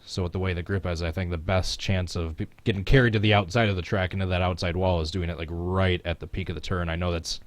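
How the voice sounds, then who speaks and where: Chuckling and chatting with his viewers, a man streams himself playing a racing game, commentating casually as he goes. His voice sits low, and there's no echo.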